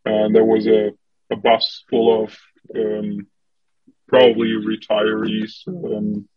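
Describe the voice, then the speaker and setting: A man chatting in English as a guest, slow and halting, with lots of "uh" and restarted sentences. His voice is low-pitched and a little husky, held on a flat, even line. The recording is dry and slightly muffled. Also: faint music behind. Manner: hesitant, many fillers and restarts. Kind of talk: casual conversation.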